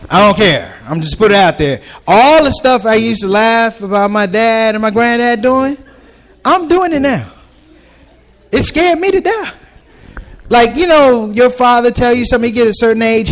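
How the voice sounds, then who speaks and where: A man performing a stand-up comedy routine on stage, telling stories animatedly and acting out the voices of the people in them. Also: high-pitched. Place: ballroom stage before a live audience.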